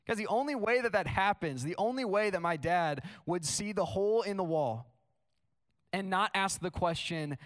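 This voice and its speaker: A young man preaching a sermon in a casual, storytelling way, full of "like" fillers. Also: sits high. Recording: long hall reverb.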